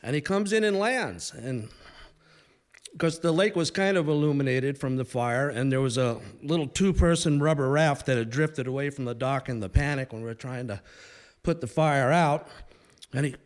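A man in his sixties delivers a funny story live to a crowd, speaking conversationally and pausing and restarting along the way. His pitch is medium.

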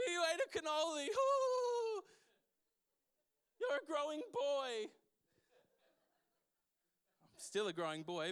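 A man's voice: extremely high pitch, sharp tone, smooth. A man preaching a sermon as pastor, emphatic and full of restarts and repeated words.

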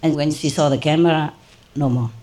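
Lower-voiced woman telling a story. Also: fairly quick, slight background noise. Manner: animated storytelling, frequent laughs. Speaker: spiritual teacher. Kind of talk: informal talk to disciples.

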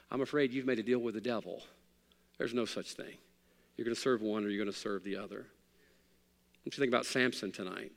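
A man preaching a sermon as pastor, emphatic, swinging from loud declarations to low, quiet asides. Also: in a large hall.

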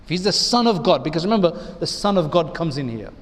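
An imam with a high-pitched voice gives an Islamic lecture, speaking in a conversational, animated way and talking fast. He repeatedly puts rhetorical questions to his audience, and a long reverb from the large hall trails his words.

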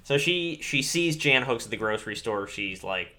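Lively, bright-voiced profane man chatting. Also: mid-range voice, normal speed. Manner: blunt and profane, laughing often. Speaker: podcast co-host. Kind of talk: casual movie review chat.

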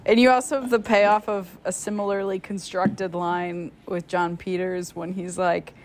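A woman's voice: on the low side, level tone, moderate pace, a little hiss or hum. A woman co-hosting a casual podcast talk about a film, wry, laughing as she retells scenes. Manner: wry, laughs through her own retellings. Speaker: podcast co-host. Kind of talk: casual movie discussion.

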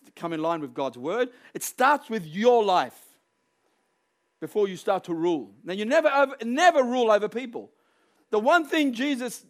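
A man preaching a sermon, emphatic and building to forceful peaks, acting out quoted voices along the way. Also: high voice.

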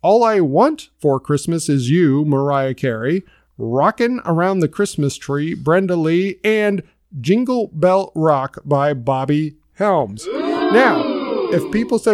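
A man's voice: fairly high pitch, lively intonation, takes it slowly, darkish tone. A middle-aged man co-hosting a podcast, chatting casually and upbeat with joking asides. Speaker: podcast co-host. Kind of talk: casual chat.

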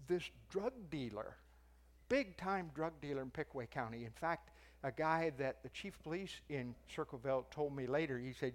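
A man's voice: on the high side, moderate pace. An older man preaching and teaching, telling a story in a conversational way and raising his voice for the quoted lines. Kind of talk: sermon.

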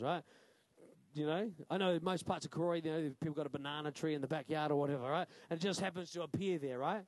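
A male pastor with a New Zealand accent preaching a sermon, punchy and quick to quiz the congregation with "right?". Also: on the high side, dry recording. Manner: punchy, asks the crowd "right?" often.

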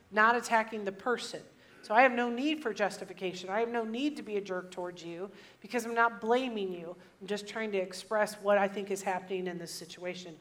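Woman teaching a church lesson. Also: mid-range voice. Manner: uses catchy sayings and repeats them. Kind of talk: sermon teaching.

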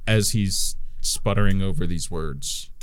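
A man running a tabletop game as game master, narrating in a relaxed, casual way. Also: low voice, a little slow, clear, resonant tone, no echo.

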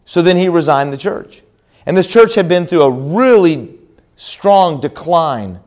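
A middle-aged man preaching a conference sermon, telling a story with repeated restarts and reading scripture slowly. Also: fairly high pitch, animated, a little mellow. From American South. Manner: slow, solemn scripture reading. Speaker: pastor.

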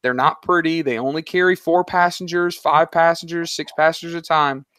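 A man talking casually as an interview guest, animated and slangy, telling stories about his business. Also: a little high, brisk, no room sound, clean studio sound. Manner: animated, story-driven, slangy. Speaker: guest, online seller.

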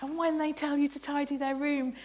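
A woman's voice: sits high, flat delivery, brisk, darkish tone. Playful woman leading a church talk. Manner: playful, laughing, asks the congregation questions. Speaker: bible study leader. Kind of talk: interactive family sermon. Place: church service.

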